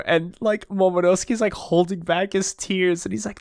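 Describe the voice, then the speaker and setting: A man co-hosting a casual podcast chat, excitable, laughing often and acting out quotes. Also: a little high, moderate pace, hardly any pauses, no echo, clean studio sound. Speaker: podcast co-host. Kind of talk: casual chat reviewing a chapter.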